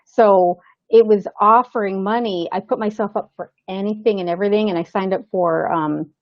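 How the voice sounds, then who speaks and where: Animated woman telling a story on a dull line. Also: mid-range voice, normal speed, no room sound. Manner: animated, acts out the voices of people in her story. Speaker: actor and interview guest. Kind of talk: casual storytelling in an interview. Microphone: remote call setup. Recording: slightly dull lo-fi sound.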